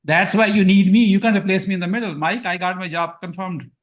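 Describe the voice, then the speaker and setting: A man with Punjabi-accented English hosts a live Q&A webinar for his course, his voice sitting high, steady and a little fast. Self-deprecating and repetitive, he reads chat comments aloud.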